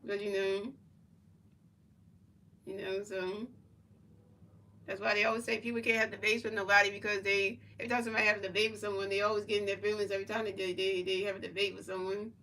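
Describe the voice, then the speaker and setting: A woman's voice: mid-range voice, flat delivery, quick pace, long pauses, bright, forceful tone, distant mic, low-quality recording. A woman streamer in casual chat, rambling and repeating herself as she answers her chat. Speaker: livestreamer.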